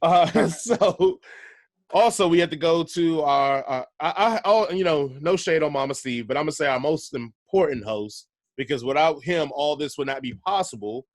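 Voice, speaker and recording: A man's voice: fairly high pitch, expressive, moderate pace, no room sound. A man hosting a casual podcast, chatty and laid-back, laughing easily between points. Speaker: podcast host.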